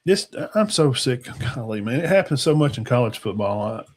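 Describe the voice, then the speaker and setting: A man's voice: medium pitch, big pitch swings, moderate pace. A man, hosting a casual football talk show in a rambling, folksy way that trails off into mumbles. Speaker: sports talk show host.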